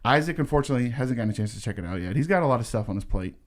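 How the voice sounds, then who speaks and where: A man's voice: medium pitch, animated, very fast. A man co-hosting a podcast in casual chat, playful and leading the questions. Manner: playful, jokes around, leads the questions. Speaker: podcast co-host.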